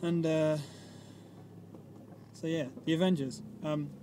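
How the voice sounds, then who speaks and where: A man's voice: fairly high pitch, flat delivery, slow, background noise. A man in a casual film-chat vlog, rambling, swearing and losing his train of thought while talking from a car. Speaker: vlogger.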